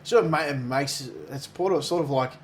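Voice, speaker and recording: A man's voice: medium pitch, fairly quick, slight background noise. An Australian man co-hosting a podcast in casual chat, blokey, swearing heavily and laughing along. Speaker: podcast co-host.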